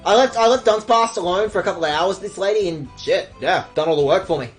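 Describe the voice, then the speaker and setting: A young woman streaming a game, chatting casually with her viewers, sarcastic and quick to swear. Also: on the low side, faint music behind.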